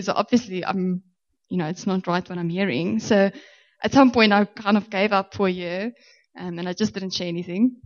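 A woman preaching a sermon, teaching and reading scripture aloud, then restating each point. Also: medium pitch. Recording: dull sound with long hall reverb.

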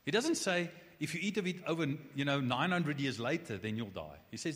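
A man preaching a conversational sermon, animated, with restarts and asides. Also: on the high side, a little fast, few pauses. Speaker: pastor. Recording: long hall reverb.

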